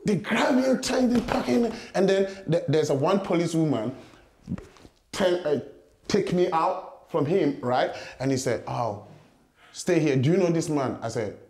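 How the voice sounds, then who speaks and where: A young man from Ghana with a Ghanaian accent, telling a story in a casual interview, animated and laughing often as he acts out voices. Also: on the high side, measured pace, reverberant. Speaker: guest boxer.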